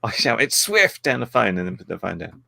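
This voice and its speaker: A man co-hosting a casual podcast chat, jokey and animated when explaining. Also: low-pitched, fast, gravelly, husky, no room sound, studio quality. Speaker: podcast co-host.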